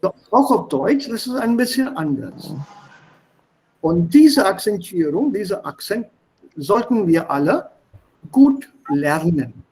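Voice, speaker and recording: With a high, very animated voice and a darkish tone, this middle-aged Indian-accented man talks slowly as he teaches a language class online via video call. He explains at length, repeats himself, and spells words aloud. Slight background noise comes through on the low-quality recording.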